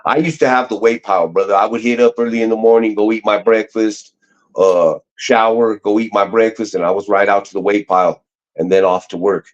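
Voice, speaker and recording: Brief: low-pitched middle-aged man, slangy rambling storyteller, muffled lo-fi audio. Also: fairly even intonation, fairly quick. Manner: slangy, rambling, frequent restarts. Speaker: guest. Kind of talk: casual storytelling chat.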